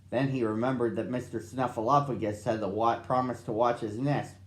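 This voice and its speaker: A man's voice: medium pitch, normal speed, a little mellow, roomy sound. A man reading a storybook aloud expressively for children.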